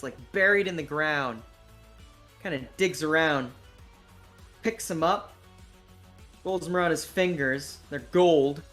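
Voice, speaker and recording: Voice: mid-range voice, a bit bright. A game master narrating a tabletop game in a casual, rambling way, full of swearing.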